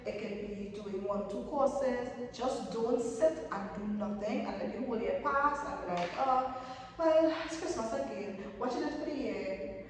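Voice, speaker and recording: Young woman, casual motivational chat, emphatic, repeats herself, distant mic, long room reverb. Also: medium pitch. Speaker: vlogger giving new-year tips. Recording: echoey room, voice from far off.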